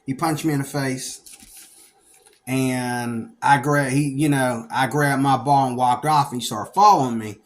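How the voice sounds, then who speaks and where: A middle-aged man from Pennsylvania, United States, tells stories from his past in a casual, rambling, animated monologue, speaking a little slowly in a mid-range voice. When he acts out what other people said, he breaks into sudden loud outbursts.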